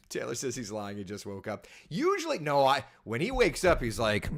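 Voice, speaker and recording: A man's voice: medium pitch, unhurried, pauses often. Jokey tv weather guy chatting on a morning stream, voice jumps up and down a lot. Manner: chatty, jokey, lively storytelling. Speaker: TV meteorologist host. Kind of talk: casual morning live stream chat.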